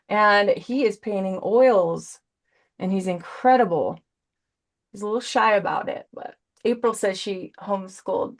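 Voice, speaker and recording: A woman in her forties chatting through a live painting demo on a video call. She talks chattily and rambles, tossing in punny asides. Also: mid-range voice. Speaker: brand ambassador demonstrating paints.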